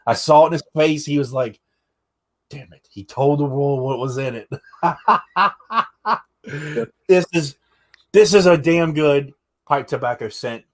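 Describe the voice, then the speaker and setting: A man's voice: fairly high pitch, moderate pace, a little mellow. A young adult man hosting a casual livestream, joking with guests and showing products. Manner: chatty, joking, shows products. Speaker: livestream host.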